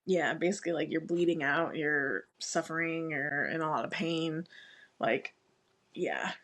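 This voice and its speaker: A woman's voice: sits low, a little slow, a bit bright. Laughing woman chatting about a book. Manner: laughs often, filler-heavy, frank and unfiltered. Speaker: podcast co-host. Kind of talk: casual book recap chat.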